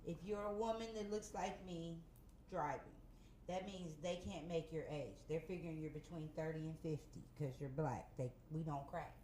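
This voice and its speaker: A woman's voice: deep voice, fairly even intonation, moderate pace, mellow, slight background noise. Middle-aged woman, brash comedic host, roomy echo. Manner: blunt, brash, profane. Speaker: talk show host. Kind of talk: casual comedic chat.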